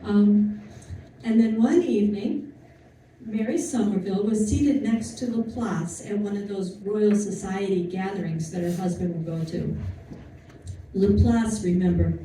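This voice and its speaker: Woman lecturer, mellow dark voice, chatty storytelling, distant mic, very echoey room. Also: medium pitch, measured pace, a little hiss or hum. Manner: chatty, animated storytelling with asides and fillers. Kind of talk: informal history talk to an audience.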